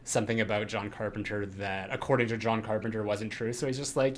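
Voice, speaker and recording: A man's voice: fairly low pitch, fairly even intonation, fairly quick, a little hiss or hum. A man co-hosting a podcast in casual chat, rambling with lots of fillers and frequent laughs. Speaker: podcast co-host.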